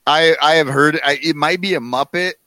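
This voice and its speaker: A man co-hosting a podcast in excitable, profane casual chat. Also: fairly high pitch, moderate pace, dry recording. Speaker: podcast co-host.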